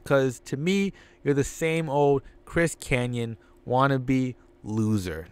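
A man voicing an angry male pro wrestler cutting a promo with loud, fired-up trash talk. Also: medium pitch, slow pace, clean tone, close to an everyday voice.

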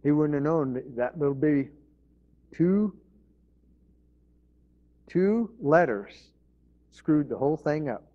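A man's voice: fairly high pitch, expressive, slow pace, pauses often, muffled recording. A pastor telling folksy stories in an informal sermon, chuckling and restarting his sentences.

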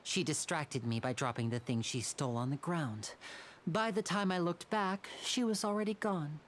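A woman voicing a charming young male stage magician in a video game, smooth, teasing and gently persuasive. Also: low voice, normal speed, a little hiss or hum, close to an everyday voice.

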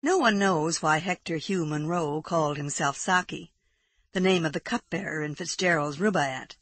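A woman reading a short story aloud as an audiobook narrator, in a measured way. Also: deep voice, fairly bright tone, dry recording. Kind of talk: scripted literary narration.

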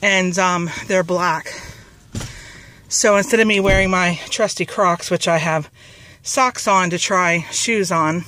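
A woman's voice: on the low side, fairly even intonation, slow, bright, forceful tone, rough recording. A woman rambling casually in a haul vlog, with lots of fillers and restarts, a bit out of breath, outdoors in a parking lot. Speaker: vlogger.

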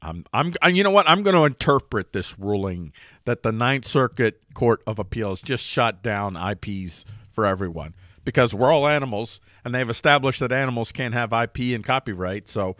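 A man hosting a casual headline commentary show, wry and joking, with pitch jumping up for emphasis. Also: expressive, normal speed, a bit bright, no echo, clean studio sound. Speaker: news commentary host.

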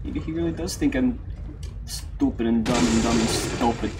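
A male streamer giving casual gameplay commentary, joking and swearing as he plays. He breaks into loud outbursts at mid pitch, with clear noise and game sound behind him. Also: normal speed.

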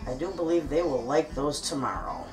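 Cooking in her home kitchen, this middle-aged woman chats with her viewers casually, folksy and friendly. Her deep voice has a darkish tone and a moderate pace, sounding far from the mic over soft background music.

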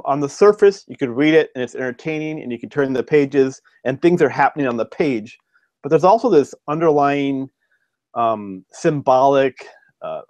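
A man's voice: medium pitch, darkish tone, no room sound. A man, a fiction writer, chatting as a podcast guest, telling stories with lots of ums and restarts. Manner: rambling, with frequent ums and restarts. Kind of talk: casual storytelling chat.

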